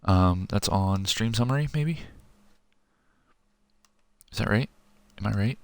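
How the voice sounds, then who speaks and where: A man's voice: on the low side, lively intonation, takes it slowly, clean tone, no echo. A man from in his thirties, streaming a zombie game and chatting loosely with viewers, often rambling and breaking off mid-thought. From Missouri, USA. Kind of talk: casual chat while gaming. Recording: game music and gunfire behind.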